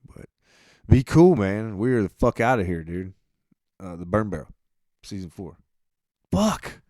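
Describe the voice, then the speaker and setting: A man hosting a podcast, telling a rambling, profane story in a laid-back way, his voice often trailing off quietly at the end of phrases. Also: fairly low pitch, normal speed, no room sound, clean studio sound. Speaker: podcast host. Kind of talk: casual monologue.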